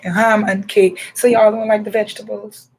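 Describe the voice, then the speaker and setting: A woman hosting a radio show for children, talking in a playful, animated way. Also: mid-range voice, moderate pace, slightly rough. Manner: animated, playful, laughing and teasing. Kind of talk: lively children's radio chat.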